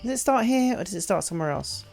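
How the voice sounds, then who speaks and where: A woman's voice: medium pitch, animated, fast, gravelly, a little mellow, faint music behind. A woman streaming a game, chatting casually and joking at her own expense while she plays. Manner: chatty, self-deprecating, talks to chat. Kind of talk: casual gameplay commentary.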